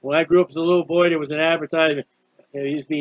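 A man's voice: a little high, very fast, no room sound, lo-fi sound. A man preaching an informal sermon on a psalm, earnest and conversational, often repeating himself. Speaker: street preacher.

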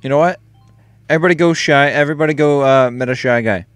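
A young man hosting a casual gaming session, joking and trash-talking friends and breaking into loud shouts. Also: fairly high pitch, fast talker, no room sound, faint music behind. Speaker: gaming YouTuber.

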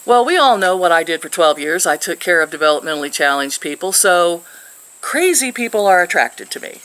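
A woman's voice: lowish voice, animated, brisk, fairly bright tone, low-quality recording. An older woman from Missouri, sitting outdoors and chatting to camera as she tells a rambling story with frequent laughs. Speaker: vlogger.

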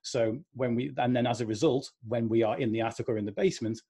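A man's voice: medium pitch, fairly even intonation, fast, mellow, slightly rough. A man with a northern English accent giving a conversational talk over a video call, acting out inner voices as he goes. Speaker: speaker. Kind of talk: talk to an online audience.

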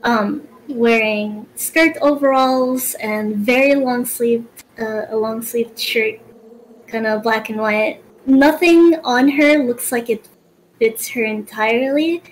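Slow-talking woman narrating a game. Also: on the high side, slight background noise, poor audio. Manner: slow, hesitant, with fillers. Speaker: game master.

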